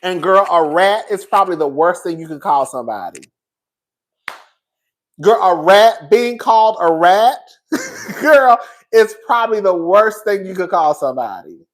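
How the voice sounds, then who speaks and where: Male gossip host, sassy and profane, animated commentary with frequent laughs, slightly tipsy. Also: high voice, unhurried. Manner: sassy, profane, laughs often, acts out loud shouted impressions. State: a little tipsy.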